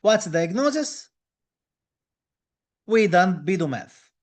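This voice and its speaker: A high-pitched man with as a teaches a live online dental exam class. He talks with eager enthusiasm, repeating key phrases to encourage his students. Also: very animated, takes it slowly. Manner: enthusiastic, reads out viewer comments, repeats phrases.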